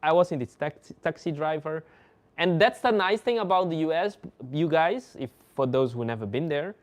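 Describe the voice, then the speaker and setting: A man's voice: a little high, lively intonation, moderate pace. A man whose first language is Dutch, hosting a livestream and telling casual stories in English. He laughs often and acts out other people's lines. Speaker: livestream host. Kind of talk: casual storytelling.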